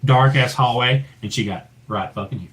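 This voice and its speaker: A man tells a ghost story in a loose, profane chat, and his voice swings between lively bursts and a low hush for the scary parts. His pitch sits in the middle for a man. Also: moderate pace, poor audio. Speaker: paranormal investigator guest. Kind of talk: casual storytelling.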